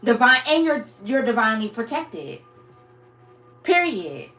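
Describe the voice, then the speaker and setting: Higher-voiced woman giving blunt tarot reading. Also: very animated, a little slow, bright, forceful tone, soft background music. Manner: casual and blunt, swears freely, calls listeners "y'all" and "my babies". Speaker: tarot reader. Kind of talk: channeled tarot reading to viewers.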